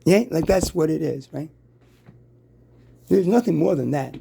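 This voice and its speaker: A man's voice: fairly high pitch, animated, gravelly, mellow, breathy edge. A man giving a rambling, preachy monologue, stopping and restarting his sentences and firing rhetorical questions at his listeners. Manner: halting, restarts and stammers.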